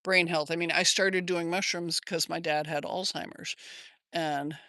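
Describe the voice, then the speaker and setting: Older American woman, bright crisp voice, rambling livestream host chatting outdoors, dry close phone sound. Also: on the low side, steady tone, unhurried, no room sound. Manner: rambling and chatty, answers viewer comments. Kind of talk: casual livestream chat. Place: outdoors in her yard.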